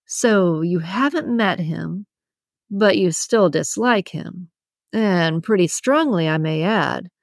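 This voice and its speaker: A woman's voice: lowish voice, slow pace, no room sound, studio quality. A woman voicing a cocky, nosy male coworker who wisecracks and teases in an audiobook. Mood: teasing. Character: cocky, teasing male employee. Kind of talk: audiobook character reading.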